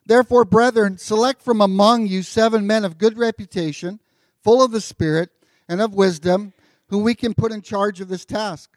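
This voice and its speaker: Guy with a pretty high voice preaching, laid back and chatty, lots of uhs, dry close sound. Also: moderate pace, dry recording. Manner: relaxed and conversational, with filler words and joking asides. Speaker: pastor. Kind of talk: sermon.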